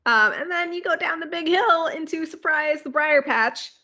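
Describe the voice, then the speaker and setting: A woman's voice: high-pitched, moderate pace, sharp tone. A woman co-hosting a podcast, casually walking through a theme park ride with plenty of fillers and asides. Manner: rambling ride walkthrough with filler words and asides. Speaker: podcast co-host.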